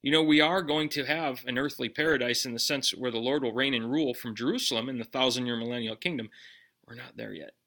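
A man preaching a sermon in a conversational way, putting direct questions to his listeners and dropping his voice low on key lines. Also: fast talker, bright, forceful tone. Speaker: pastor.

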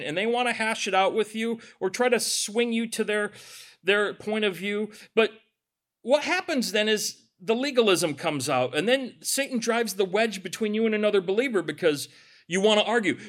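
Male pastor, conversational sermon, animated, voice pitched high. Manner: animated, conversational preaching with asides and acted quotes.

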